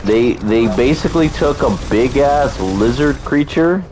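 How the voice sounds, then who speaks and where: A man chatting casually while playing a video game, calm and laid-back with gentle teasing. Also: mid-range voice, unhurried, background noise. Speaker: gaming channel co-host. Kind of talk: casual let's-play chat.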